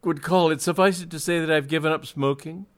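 A man doing a trembling, high-strung young artist. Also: steady tone, brisk, lightly acted. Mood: shaken. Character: agitated young male artist, fussy and pleading.

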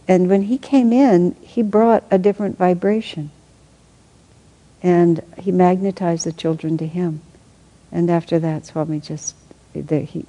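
A woman reading aloud from a spiritual book and adding her own reflective commentary, thinking aloud with soft laughs. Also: lowish voice, muffled recording.

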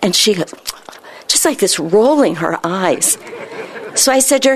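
A woman internist telling a story from her practice, acting out the dialogue with lively quoting. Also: medium pitch, measured pace, long pauses. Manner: animated, acts out quoted dialogue. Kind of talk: storytelling talk.

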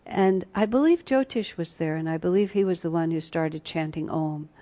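Woman, retreat teacher; low, warm voice; earnest, reflective storyteller. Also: moderate pace. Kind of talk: spiritual teaching talk with personal stories.

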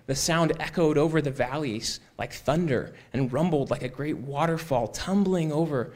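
Man telling a story aloud, unhurried. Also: on the high side. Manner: unhurried, repeats "he said", small restarts. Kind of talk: oral storytelling.

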